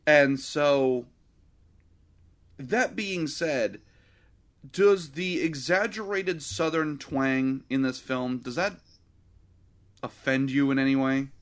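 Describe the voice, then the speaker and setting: A man talking through a film he didn't enjoy, his voice sitting in an ordinary middle range. He is animated and critical, and his casual delivery is loaded with filler words. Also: medium pitch, slow pace, long pauses. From Florida. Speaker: film podcast co-host. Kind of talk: casual film review chat.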